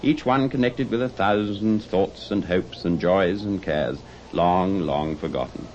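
Man, storybook narrator, expressive dramatic reading, lowish voice, dull lo-fi recording, faint music. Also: measured pace, a little hiss or hum.

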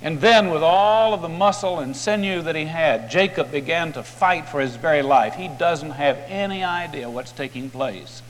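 A man's voice: on the high side, moderate pace, hardly any pauses, in a large hall, slight background noise. A man preaching, retelling a story in a dramatic, vivid way.

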